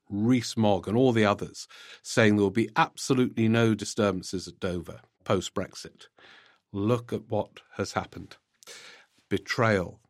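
A man with a fairly low voice hosts a podcast, reading listener letters aloud and answering them with hesitant, filler-laden commentary. The sound is close and dry, with no room around it. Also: no room sound. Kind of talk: conversational political commentary.

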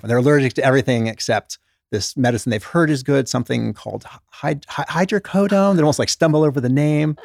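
He's a fast talker with a creaky, mid-range voice: a middle-aged former doctor and author appearing as an interview guest. Animated and conversational, he tells stories and performs the voices of the patients he quotes. No room sound, studio quality.

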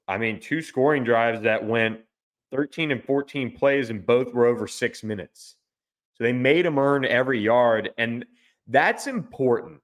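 A man's voice: medium pitch, a bit bright. A man, a sports reporter guesting on a podcast, giving casual unscripted analysis while thinking aloud, with frequent restarts and fillers.

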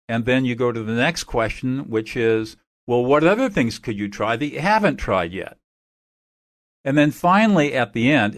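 A man being interviewed as an expert guest, calmly explaining methods in a measured, instructive way. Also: mid-range voice, no echo, studio quality.

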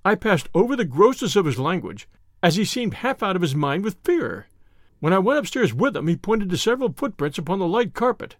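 A man reading a classic detective story aloud in an expressive narration. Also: high-pitched, a little fast, no room sound, clean studio sound.

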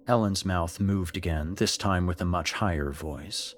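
A man narrating a horror story in a slow, measured, scripted storytelling manner. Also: low-pitched.

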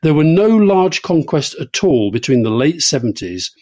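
A Scottish man co-hosting a political podcast, talking briskly in casual chat and turning to teasing banter. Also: a little high, sing-song, a little mellow. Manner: brisk, talkative, breaks into teasing. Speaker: podcast co-host.

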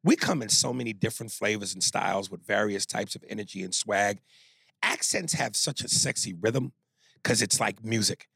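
A man's voice: lowish voice, normal speed, creaky, fairly bright tone, husky, no echo, clean studio sound. A man co-hosting a podcast, trading crude jokes in casual chat. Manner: crude, joking banter. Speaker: podcast co-host.

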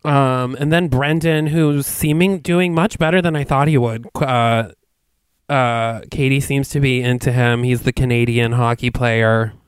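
A man's voice: mid-range voice, fairly even intonation, a little slow, smooth, dry recording. A man co-hosting a casual recap podcast, gossiping and joking with frequent giggles. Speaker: podcast co-host.

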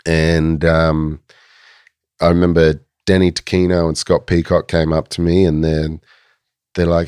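An Australian man in his forties, a guest telling stories in relaxed casual chat, full of fillers and restarts. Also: sits low, normal speed, clear, resonant tone, no room sound, clean studio sound. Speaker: guest, professional surfer.

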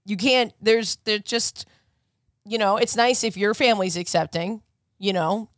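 A woman's voice: mid-range voice, measured pace, no room sound, studio quality. A woman hosting a comedy podcast, chatting casually and giving earnest advice. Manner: animated, swings from laughing to earnest advice. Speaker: podcast host.

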